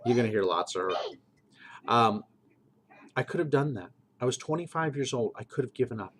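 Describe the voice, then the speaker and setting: A man's voice: medium pitch, expressive, a little fast, fairly bright tone, low-quality recording. A middle-aged man and game master, talking earnestly in a preachy monologue and repeating phrases for emphasis.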